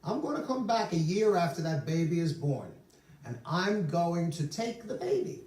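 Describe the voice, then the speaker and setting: A man's voice: on the high side, sing-song, moderate pace, darkish tone. A rabbi putting on the voice of a mischievous little fairy-tale troll man, wheedling and sing-song, in a roomy sanctuary heard from far off.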